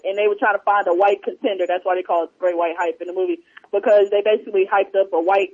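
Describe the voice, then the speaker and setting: A man chatting casually and retelling movie scenes in a rambling, animated way. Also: high-pitched, quick pace. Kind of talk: casual chat. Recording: muffled lo-fi audio.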